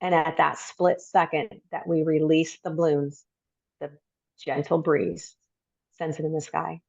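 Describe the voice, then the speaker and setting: Middle-aged woman guest telling her story, lowish voice, dry and kinda muffled, lots of ums. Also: level tone, vocal fry, darkish tone, no echo. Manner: reflective, halting with many ums. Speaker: podcast guest. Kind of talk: personal story in interview.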